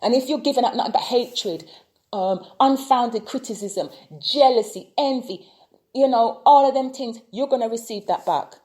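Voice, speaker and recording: A woman's voice: fairly high pitch, normal speed, darkish tone. A woman vlogging an impassioned rant, full of repeated rhetorical questions. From United Kingdom. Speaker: tarot reader and vlogger. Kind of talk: opinion vlog rant.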